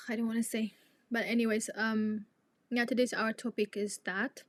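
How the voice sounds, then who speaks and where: A woman's voice: on the high side, flat delivery, measured pace. A young woman, a native Tigrinya speaker, hosting a live chat and talking to her viewers in an outspoken, indignant way. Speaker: live stream host.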